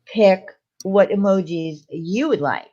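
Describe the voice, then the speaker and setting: A woman's voice: medium pitch, slow pace, warm tone, lo-fi sound. A chatty, playful woman co-hosting a casual livestream and welcoming viewers. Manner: chatty and playful, laughs easily. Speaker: livestream co-host.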